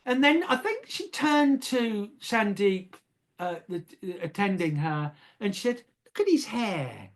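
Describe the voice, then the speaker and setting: An older man from England recalls a memory for an interviewer. He talks haltingly, repeats words as he searches for them, and laughs at his own story. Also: high voice, lively intonation. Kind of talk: casual storytelling.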